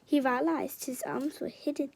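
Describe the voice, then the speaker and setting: A woman's voice: high voice, steady tone, moderate pace, creaky, a little mellow, slight background noise. A woman reading a children's picture book aloud, often dropping to a whisper and adding chatty asides to her listeners. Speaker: storyteller.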